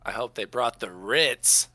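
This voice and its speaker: A man chats as a player in a tabletop game, joking playfully. He talks slowly, with a bright voice and a lively pitch. The sound is dry and close. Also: creaky, slightly rough, no room sound. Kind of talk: casual tabletop game chat.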